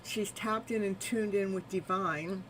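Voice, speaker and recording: A woman's voice: medium pitch, fairly even intonation, unhurried. Woman tarot reader on a noisy stream. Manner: repetitive, soothing spiritual phrasing; laughs often and chats with viewers. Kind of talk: live-streamed tarot reading.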